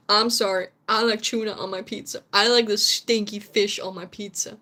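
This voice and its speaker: A woman's voice: medium pitch, steady tone, brisk, few pauses, fairly bright tone. A young Dutch woman, whose first language is Dutch, chatting casually with viewers on a stream, laughing often and sometimes searching for English words. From Netherlands.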